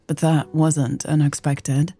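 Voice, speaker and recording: A woman voicing a hurt, tearful young woman, speaking slowly and in a breathy whisper, while reading an audiobook. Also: sits low, flat delivery, dark tone, exaggerated voice. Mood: sad, tearful.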